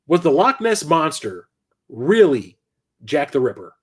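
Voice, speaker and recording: A man doing a deadpan mock-mystery show host. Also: a little high, measured pace, husky, exaggerated voice. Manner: deadpan, dead serious.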